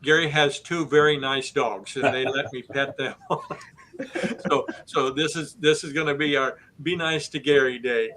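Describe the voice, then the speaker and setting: Steady, flat-voiced man hosting a podcast. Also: medium pitch, normal speed, hardly any pauses, slight background noise, rough recording. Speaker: host. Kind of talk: business podcast host.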